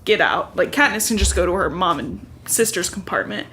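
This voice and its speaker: A woman's voice: fairly low pitch, expressive, brisk, sharp tone, slight background noise. A young woman hosting a podcast, recapping a book in a chatty, profane way with lots of fillers. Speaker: podcast host. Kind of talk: casual book recap chat.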